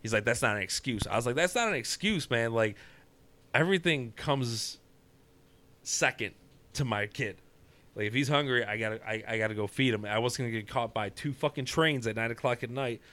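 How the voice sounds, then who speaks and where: A man telling a story in casual chat, profane and animated, often laughing. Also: medium pitch, a little fast.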